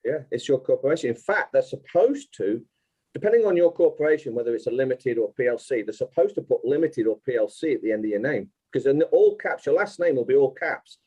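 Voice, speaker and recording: Insistent man with a dark, husky voice. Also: mid-range voice, lively intonation, fairly quick, poor audio. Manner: insistent, explains step by step. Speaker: guest. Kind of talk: explanatory interview talk.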